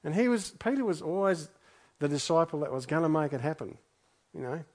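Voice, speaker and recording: A man's voice: on the high side, lively intonation, a little fast, darkish tone. A man preaching a sermon, reading scripture aloud and then reflecting on it in an earnest way, often repeating his phrases for emphasis. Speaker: pastor.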